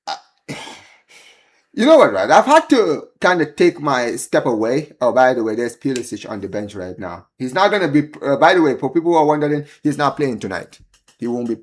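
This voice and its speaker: A man hosting a live football watchalong stream. He rants, pleads and chats to his viewers in an excitable, exasperated way. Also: medium pitch, husky. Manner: chatty, addresses viewers as guys and bro. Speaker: livestream host.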